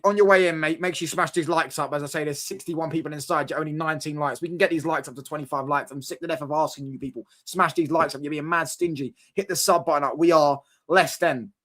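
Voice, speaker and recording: A young man hosting a casual football live stream, talking in an animated way to his chat, full of fan slang and repeated "do you get what I'm saying". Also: a little high.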